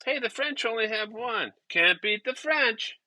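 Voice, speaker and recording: A man's voice: very high voice, lively intonation, a little slow, bright, forceful tone, dry recording, exaggerated voice, low-quality recording. A man playing a corny awkward stand-up comic. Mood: nervous. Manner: chuckles at his own weak jokes; hesitant, clears his throat often. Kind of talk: comedy sketch stand-up bit.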